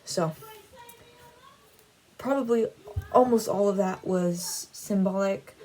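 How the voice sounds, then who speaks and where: A woman's voice: mid-range voice, slow, a little mellow, rough recording. A woman casually recounting a dream in a rambling way, with many "like" fillers, then drawing a faith lesson from it. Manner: rambling, heavy use of "like" fillers. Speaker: Christian vlogger.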